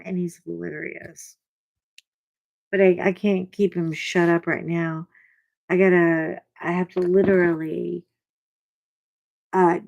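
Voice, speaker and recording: Slow, rambling older woman chatting. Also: on the low side, gravelly, no room sound, rough recording. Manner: chatty, rambling and self-deprecating. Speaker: craft channel host. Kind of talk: casual chat to camera. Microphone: clip-on mic that keeps bumping.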